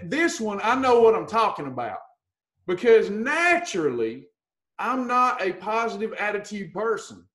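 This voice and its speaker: A woman's voice: on the high side, a bit bright. A woman gives a blunt, folksy motivational talk as a weight-loss coach and teases her listeners with pet names.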